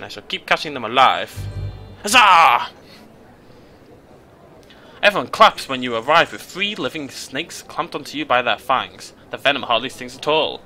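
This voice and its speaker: A young British man hosting a game let's play, reading the game's text aloud in a playful, jokey way with sudden leaps in pitch. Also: bright, forceful tone, a little hiss or hum. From Britain.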